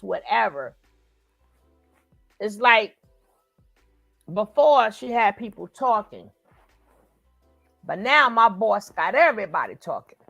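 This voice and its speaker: A woman hosts a reaction channel and gives unhurried commentary straight to her viewers. Her voice sits a little high and gravelly, and she speaks slowly, with faint music behind her. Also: fairly bright tone. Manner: unhurried, talks to viewers directly.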